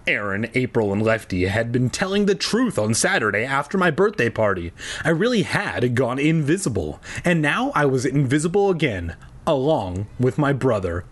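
A tipsy man reads a children's story aloud, his voice swinging lively up and down in pitch. He keeps breaking into irreverent, crude jokes and swearing between passages. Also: moderate pace. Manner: irreverent, jokey, swears freely. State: tipsy from drinking. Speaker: reader. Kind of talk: reading a children's book aloud with crude comic asides.

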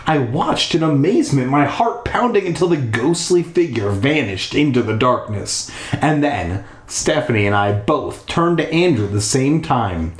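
A man's voice: mid-range voice, sing-song, normal speed. A man reading a spooky children's book aloud in a bathtub, throwing in crude, irreverent asides. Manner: irreverent, swearing ad-libs. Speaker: reader. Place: bathroom, in a bathtub. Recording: echoey bathroom.

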